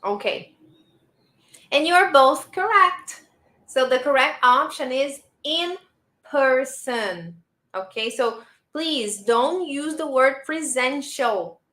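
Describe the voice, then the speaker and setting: Woman English teacher, bright tone, unhurried, repeats sentences for learners, echoey room. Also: sits high, expressive. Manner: patient, repeats model sentences for the class. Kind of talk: live online English lesson. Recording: roomy echo.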